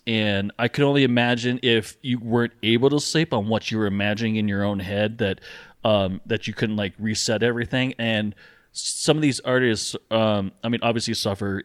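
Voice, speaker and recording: A man co-hosts a podcast in casual conversation, joking and laughing often. His voice is on the low side and his pace moderate, captured in clean studio quality with no room sound.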